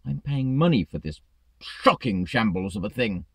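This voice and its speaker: A man's voice: lowish voice, lively intonation, normal speed, husky, no echo. A man, a truck driver, ranting in a vlog, exasperated and swearing freely.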